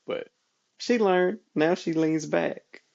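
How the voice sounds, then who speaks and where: A man co-hosting a podcast, telling a story about his daughter in an animated way and laughing often. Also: on the high side, slow pace, vocal fry, highs cut off. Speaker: podcast co-host. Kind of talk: casual chat.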